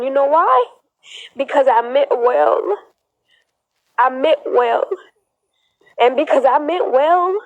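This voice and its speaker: Tearful young woman, high voice, defiant, repetitive, phone livestream. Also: dull audio. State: crying. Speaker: social media livestreamer. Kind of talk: emotional livestream monologue.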